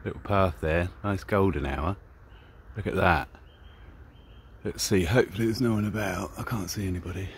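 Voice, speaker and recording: A man's voice: sits low, moderate pace, a little hiss or hum. An Englishman chatting casually as he narrates his own outdoor vlog by a river, speaking into a camera mic. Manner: chatty, laid-back commentary while walking outdoors. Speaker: vlogger filming drone flights. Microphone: camera mic, exposed to wind.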